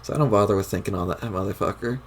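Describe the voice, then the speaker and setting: A man voicing a mellow, foul-mouthed young male troll clown while reading a webcomic aloud, with a drawling, laid-back delivery. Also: fairly low pitch, rapid-fire, slightly rough.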